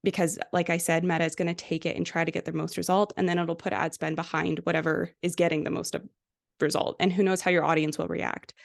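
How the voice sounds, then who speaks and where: A woman guest on a podcast, explaining advertising in a relaxed, conversational way with lots of fillers. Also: on the low side, fast talker, vocal fry. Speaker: guest, ad specialist. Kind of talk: casual interview chat.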